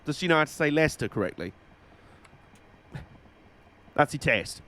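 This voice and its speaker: A man's voice: a little high, very animated, normal speed, pushed and bright. Chatty man streaming a game. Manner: chatty, dry, sweary banter. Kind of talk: casual live-stream chat while gaming.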